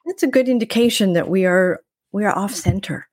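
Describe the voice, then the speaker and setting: A woman co-hosting a podcast, speaking in a thoughtful, measured way. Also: mid-range voice, a little mellow, breathy edge, no echo, clean studio sound. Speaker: podcast co-host. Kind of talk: casual podcast chat.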